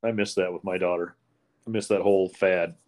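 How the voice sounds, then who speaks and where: A man's voice: deep voice, fairly even intonation, brisk, a little mellow. A middle-aged man co-hosting a podcast, chatting casually and cracking jokes. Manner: wisecracking, laughs often. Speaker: podcast co-host. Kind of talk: casual chat.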